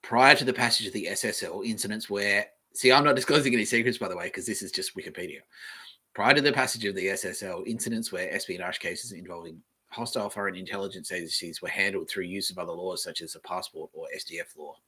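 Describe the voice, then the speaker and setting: A man's voice: sits low, quick pace, sharp tone, husky. An Australian man hosting a solo podcast, reading aloud in a meandering, offhand way and swearing casually. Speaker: podcast host.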